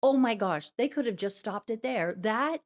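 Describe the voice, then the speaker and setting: A woman's voice: fairly high pitch, lively intonation, moderate pace. A woman theater vlogger in casual commentary, chatty and apologetic, who calls her viewers darlings.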